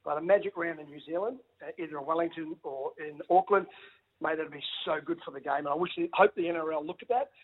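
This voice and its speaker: A middle-aged former footballer talks on a phone line, his voice thin and tinny. He sits a little high and husky, and he keeps restarting his sentences with a warm, chatty eagerness. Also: quick pace. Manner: excitable, stammering restarts, says mate a lot. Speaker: former rugby league player, guest. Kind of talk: casual radio phone interview.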